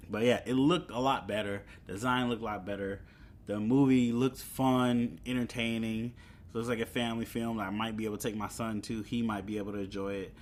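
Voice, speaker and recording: A man's voice: fairly low pitch, flat delivery, brisk. A young man hosting a solo podcast, chatting casually about movie news with fillers and chuckles. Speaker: podcast host.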